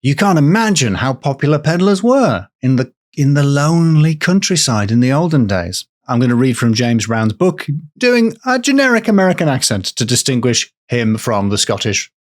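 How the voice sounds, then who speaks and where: A man co-hosting a podcast, telling a folklore tale in a conversational way with wry, deadpan jokes. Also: mid-range voice, normal speed, hardly any pauses. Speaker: podcast co-host and storyteller.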